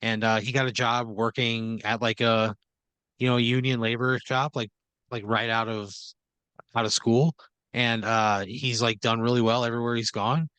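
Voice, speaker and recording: A man's voice: mid-range voice, little pitch movement, normal speed, fairly bright tone, clear, resonant tone, no room sound. A man hosting a comedy podcast and spinning an improvised story, rambling and filler-heavy, often checking in with "right?". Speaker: podcast host.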